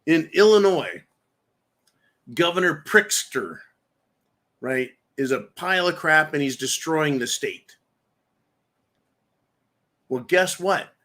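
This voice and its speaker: A man's voice: fairly high pitch, expressive, takes it slowly, pauses often, bright, forceful tone. A man hosting a live political show, talking in a somewhat raised voice. He rants, mocks and throws crude insults while speaking straight to his viewers. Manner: ranting, mocking, crude insults. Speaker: livestream host. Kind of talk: political commentary livestream.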